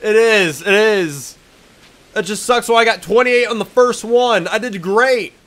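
A young man hosting a gaming video, commenting as he plays and often sliding from muttered complaints into yelled outbursts of frustration. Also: high-pitched, unhurried. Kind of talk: let's play commentary.

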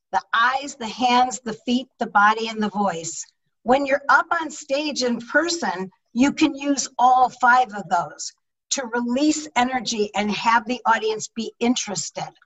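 Poor audio, recorded from a distance, captures a middle-aged public speaking coach teaching an online leadership talk over a video call mic. Her voice runs on the high side, and her delivery is emphatic and full of energy.

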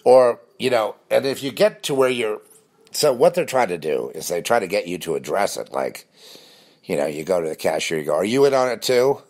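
A man talking in a rambling, animated casual monologue with many restarts. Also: deep voice, normal speed.

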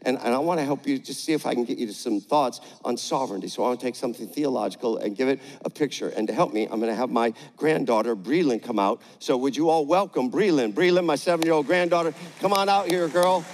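An older man preaching a sermon on stage, energetic with the crowd and gentle with a child. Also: medium pitch, fast, few pauses. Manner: energetic, rallies the crowd with call-outs; gentle and playful when talking to a child. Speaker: pastor. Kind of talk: sermon with a live demonstration. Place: large church auditorium, on stage. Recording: echoey large church hall.

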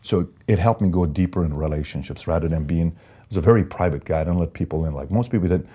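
A man's voice: low voice, quick pace, dark tone, breathy edge. A man speaking as an interview guest, telling personal stories in an emphatic, candid way and repeating phrases for effect. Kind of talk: candid conversational storytelling.

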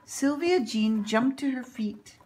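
Woman reading a picture book aloud, slow and expressive. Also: on the high side. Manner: expressive, animated storytelling. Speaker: reader.

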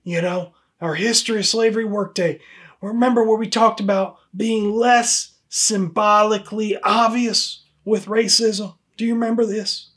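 A comedy sketch has a man voicing a tired, exasperated male HR boss who reprimands a staff member with dry, pointed remarks and keeps repeating the person's name. His high voice is fairly bright, with fairly even intonation at a normal speed.

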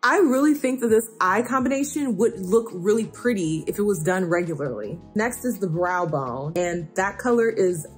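A woman's voice: medium pitch, animated, moderate pace, hardly any pauses, faint music behind. A young woman doing a casual makeup tutorial as a beauty vlogger, counting layers aloud in a playfully exasperated way.

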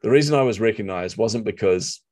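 A middle-aged man with a New Zealand accent, an interview guest telling animated stories and acting out quotes. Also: lowish voice, fairly quick. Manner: animated storyteller, acts out quotes. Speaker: guest, marketing coach. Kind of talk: storytelling interview chat.

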